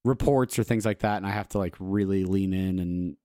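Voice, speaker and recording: A man's voice: sits low, steady tone, a little fast, mellow, smooth, dry recording, clean studio sound. A man chatting casually, rambling with lots of fillers and laughs. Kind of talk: casual chat.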